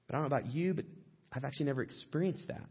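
A male pastor delivering a sermon in a relaxed, conversational manner, now and then mimicking a complaining voice. His voice is husky, and the recording sounds dull and lo-fi. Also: very fast. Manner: conversational, acts out quoted complaints in a higher voice.

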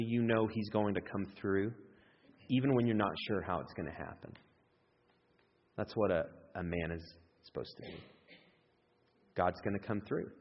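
A man preaching a sermon in an animated way, jumping up in pitch when he acts out excited voices. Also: slight background noise. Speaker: pastor. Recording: echoey hall, dull lo-fi sound.

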